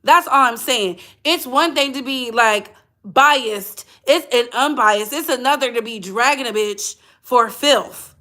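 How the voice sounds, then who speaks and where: Woman, gossip livestream host, bright, somewhat high, blunt, chatty, casual commentary. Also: a little slow. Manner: chatty and blunt, talks to chat directly.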